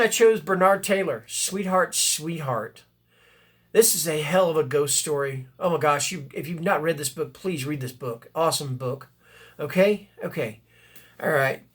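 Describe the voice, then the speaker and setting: A man's voice: on the high side, a bit bright. A man chatting casually about books, rambling and correcting himself, with bursts of enthusiasm and blurbs read aloud. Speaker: booktuber. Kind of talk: casual book chat and reading blurbs aloud.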